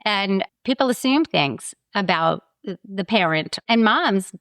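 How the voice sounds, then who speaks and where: A woman's voice: medium pitch, expressive, a little slow, fairly bright tone, no echo, clean studio sound. A woman podcast co-host asking interview questions, supportive and affirming.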